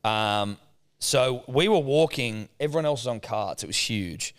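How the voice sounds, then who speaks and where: A man, a podcast co-host, telling a lively, heavily sworn anecdote in casual chat. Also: mid-range voice, unhurried, clean tone. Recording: long room reverb.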